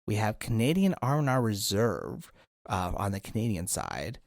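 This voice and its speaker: Lively, rambling tipsy man. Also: lowish voice, moderate pace, vocal fry, no room sound, studio quality. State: tipsy from drinking. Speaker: podcast co-host. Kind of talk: casual tipsy chat.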